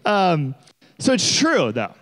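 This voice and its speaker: A man's voice: high-pitched, takes it slowly, big-room sound. A young man giving a casual, conversational sermon, often acting out voices of the people he talks about. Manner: conversational, animated, acts out quoted voices. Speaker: preacher.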